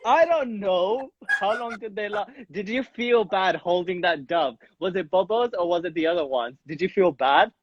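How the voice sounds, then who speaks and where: A man hosting a casual interview, asking teasing questions in a playful, excitable way. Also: high voice, normal speed, hardly any pauses, no echo, dull audio. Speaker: podcast host.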